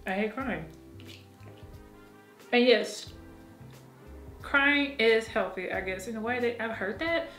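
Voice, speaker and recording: A woman's voice: fairly high pitch, slow pace, pauses often, fairly bright tone, echoey room, soft background music. A woman talking frankly and emotionally in a candid personal vlog, swearing freely and laughing often. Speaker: vlogger.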